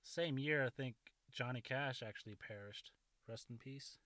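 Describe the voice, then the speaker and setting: A man's voice: medium pitch, normal speed, bright, forceful tone. A man in his thirties telling a rambling school story in a casual, profane way, often laughing at his own jokes.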